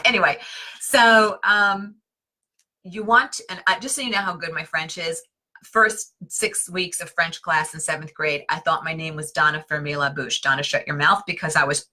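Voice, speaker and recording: A woman's voice: low-pitched, normal speed, bright, forceful tone. A woman hosting a live stream on interior design, teaching in a chatty, self-deprecating way with lots of fillers and asides.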